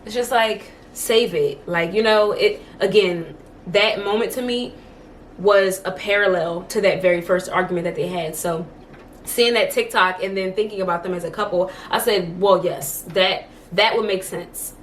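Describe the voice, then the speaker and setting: A woman's voice: medium pitch, normal speed, a little hiss or hum. A young woman vlogging from home, chatting casually to camera and telling stories, full of "like" fillers. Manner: chatty storytelling, many "like" fillers.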